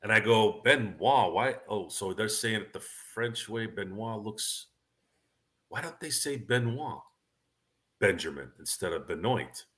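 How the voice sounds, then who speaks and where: On a livestream, a podcast host runs a laid-back sports show, his voice on the low side, animated, and measured in pace. He drifts from one thought to another, often restarting sentences, and reads viewer questions aloud between tangents.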